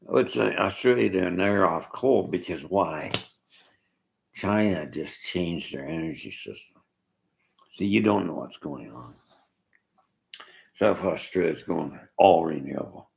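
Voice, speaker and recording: A man's voice: low-pitched, gravelly, low-quality recording. A man rambling through a combative, blunt political rant aimed at his viewers. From Canada.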